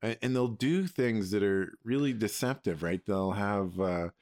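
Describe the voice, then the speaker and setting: A male podcast co-host with a fairly low voice, speaking in casual chat. He talks hesitantly, pausing and restarting his sentences often. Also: expressive, a little mellow, no echo, clean studio sound. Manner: hesitant, many fillers and restarts.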